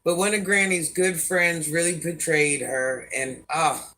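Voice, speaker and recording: A woman's voice: low voice, fairly even intonation, a little slow, bright, forceful tone. An older woman hosting a casual livestream, answering viewer comments bluntly and sassily, often talking about herself in the third person. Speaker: livestream host.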